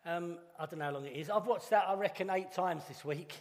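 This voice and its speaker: Earnest man preaching in a reverberant church. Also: sits high. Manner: earnest, conversational with dramatic pauses. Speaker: pastor. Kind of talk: sermon. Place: church hall. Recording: long reverb of a church hall.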